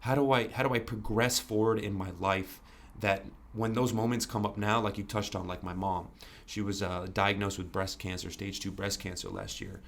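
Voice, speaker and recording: A man's voice: on the low side, fairly even intonation, normal speed, slight background noise. A man as a podcast guest, talking candidly and earnestly, repeating himself with many "you know"s and casual swearing. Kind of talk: candid interview conversation.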